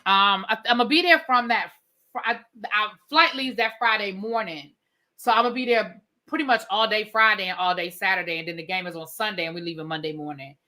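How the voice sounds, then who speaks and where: A woman's voice: medium pitch, brisk, pushed and bright. A woman hosting a livestream as a reality TV reviewer, giving blunt, opinionated commentary with casual swearing and replying to viewer comments.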